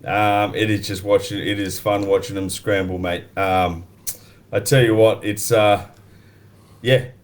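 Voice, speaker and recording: A man's voice: on the low side, little pitch movement, unhurried. A man on a panel, laid-back and cheeky, talking in slangy banter. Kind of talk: casual banter.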